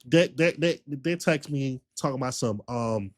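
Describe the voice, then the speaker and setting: A man streamer telling a long story in a casual, slangy rant, full of repetition and animated retellings. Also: mid-range voice, a little slow.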